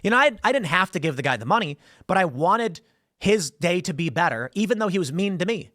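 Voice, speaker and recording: A man's voice: high-pitched, big pitch swings, brisk, fairly bright tone, dry recording, studio quality. A man hosting solo political commentary in a conversational storytelling way, acting out quoted people as he goes.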